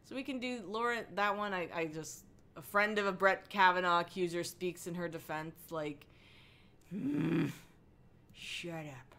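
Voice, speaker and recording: A young woman hosting a casual livestream from her couch at home, rambling and halting as she chats and answers her viewers. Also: lowish voice, bright, forceful tone. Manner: rambling, halting, with frequent ums and likes. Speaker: livestream host. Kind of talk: casual chat reading chat messages. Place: home living room, on a couch.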